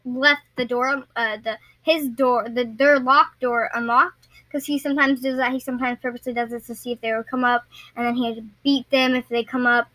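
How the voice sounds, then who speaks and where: A woman's voice: a little high, steady tone, brisk, pushed and bright, no echo, poor audio. A young woman vlogger telling a story casually to her viewers, rambling and often stumbling and restarting her sentences.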